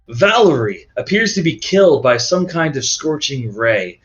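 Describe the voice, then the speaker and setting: A man's voice: medium pitch, fairly bright tone. A man narrating a tabletop game as game master, in a casual, rambling way. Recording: dull lo-fi audio with faint music.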